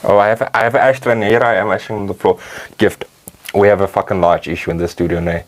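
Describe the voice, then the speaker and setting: A man's voice: fairly low pitch, steady tone, quick pace. A man, hosting a podcast in casual, laid-back chat, swearing and laughing often. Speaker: podcast host.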